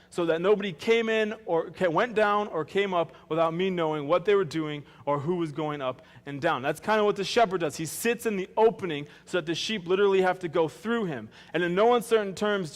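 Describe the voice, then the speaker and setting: Joking pastor in a reverberant hall. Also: male voice, high-pitched. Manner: conversational, joking, acts out dialogue. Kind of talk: sermon. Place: church sanctuary.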